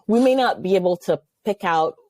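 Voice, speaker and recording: A middle-aged woman from Nigeria talking as a psychiatrist guest, her pitch low yet swinging widely as she tells stories. Her tone is mellow and dark, and the sound is dry and close. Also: normal speed, no room sound. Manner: animated, storytelling, acts out quoted voices. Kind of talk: conversational interview.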